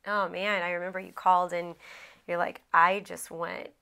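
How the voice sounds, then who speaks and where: A woman hosting a podcast, with a bright, sharp voice. She chimes in with short, affirming remarks. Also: on the low side, little pitch movement, normal speed, vocal fry, smooth. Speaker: podcast host.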